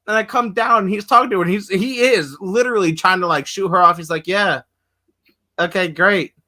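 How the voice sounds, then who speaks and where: A man with a high, bright voice tells a story across a table of friends. He is animated and laughing, swearing freely, and keeps pushing the story forward. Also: fast talker. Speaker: podcast co-host. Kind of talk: casual storytelling banter.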